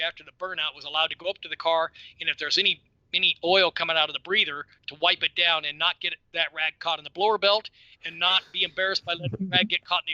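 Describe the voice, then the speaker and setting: A man in his sixties, a podcast guest telling stories in an animated, casual way and repeating words as he goes. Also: fairly high pitch, dry recording, dull audio. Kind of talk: casual storytelling.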